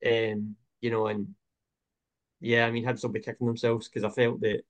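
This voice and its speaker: Man, flat hesitant podcast host. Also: medium pitch, moderate pace. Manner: hesitant, many fillers. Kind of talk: casual football chat.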